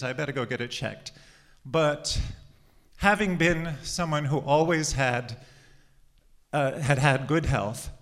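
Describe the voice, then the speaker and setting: Recounting his own life to an audience, this man in his forties sounds a little breathless. He has a mid-range voice with a fairly bright tone and chats his way through, pausing and laughing.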